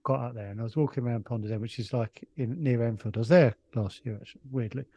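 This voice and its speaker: A middle-aged Englishman, a comedian guest, tells a rambling casual anecdote full of restarts and chuckles. His medium-pitched voice is mellow and husky, he talks fast, and the recording is dry.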